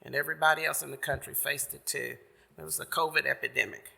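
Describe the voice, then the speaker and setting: Folksy, gravelly man telling a sermon story. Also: a little high, fairly even intonation, fast, pushed and bright. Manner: folksy and chatty, paraphrasing loosely. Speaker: church member giving the message. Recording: long reverb of a church sanctuary.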